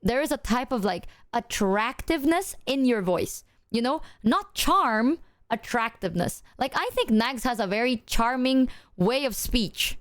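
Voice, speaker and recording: A woman's voice: a little high, dry recording, studio quality. A woman streamer chatting casually with her viewers in a loose, rambling way, full of filler words and swearing.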